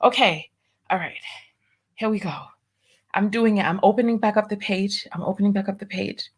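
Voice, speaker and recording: A woman's voice: medium pitch, normal speed, breathy edge. A woman hosting a casual livestream, nervous and stalling, repeating herself as she reads viewer comments aloud. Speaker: livestream host.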